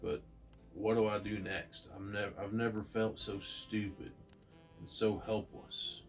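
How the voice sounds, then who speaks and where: A man's voice: fairly low pitch, flat delivery, a little slow, far from the mic, soft background music. A man voicing a frazzled, self-doubting young male superhero from a comic, urgent and exasperated. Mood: anxious.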